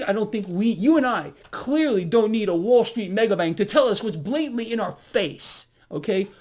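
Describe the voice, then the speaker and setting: A man's voice: sits high, expressive, a little fast, hardly any pauses, darkish tone. A man giving a market commentary monologue on his video blog, emphatic and sarcastic, repeating his key words with ironic asides. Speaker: financial vlogger.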